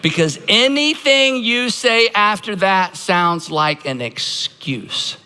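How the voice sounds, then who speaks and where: A man's voice: high voice, animated, slow pace, bright, forceful tone, smooth, big-room sound. A man preaching a sermon to a live congregation, emphatic and leading them in practicing lines aloud. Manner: emphatic, leads congregation in call-and-response practice. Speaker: pastor.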